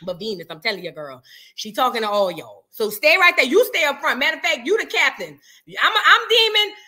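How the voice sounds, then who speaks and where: A woman hosts a reaction video in a fast, high-leaning voice, teasing and animated. Her casual commentary repeats lines for comic effect.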